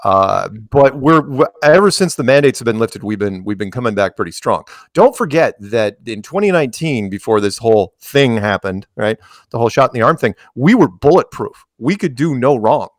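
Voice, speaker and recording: A man's voice: medium pitch, lively intonation, moderate pace, dry recording, studio quality. A man in casual conversation, telling long stories with many restarts and acted-out quotes. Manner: rambling, restarts, acts out quoted dialogue. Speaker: interview guest.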